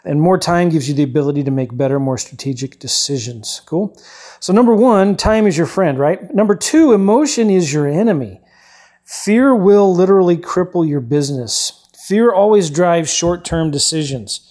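A man hosting a podcast, giving emphatic motivational advice and often checking in with a quick "right?". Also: on the high side, animated, a little mellow. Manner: emphatic, repeats key points, frequent "right?" tags. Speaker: podcast host.

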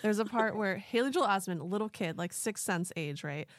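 A woman co-hosting a podcast, telling stories in lively casual chat, full of "like" fillers. Her voice is recorded close and dry, with no room sound. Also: mid-range voice, moderate pace, no room sound. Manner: animated storyteller, heavy "like" filler. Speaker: podcast co-host.

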